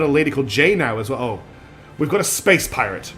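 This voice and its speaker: Brief: male gaming streamer, chatty and rambling, pokes fun at himself, mid-pitched. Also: sing-song, quick pace, a bit bright, soft background music. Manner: chatty, rambling and self-deprecating. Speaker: game streamer. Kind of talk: casual gaming commentary.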